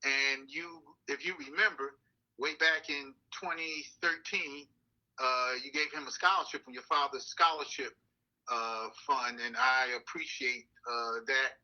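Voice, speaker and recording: An older man, a councilman, speaking in an interview in a measured, deliberate way with frequent "uh" fillers. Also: mid-range voice, steady tone, bright, forceful tone, dull audio. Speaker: city councilman and NAACP president. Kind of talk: interview conversation.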